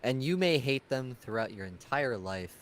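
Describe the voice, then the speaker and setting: A man's voice: mid-range voice, expressive, normal speed, a little hiss or hum. A man, a podcast guest, chatting casually, laughing often and repeating words as he goes. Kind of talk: casual chat.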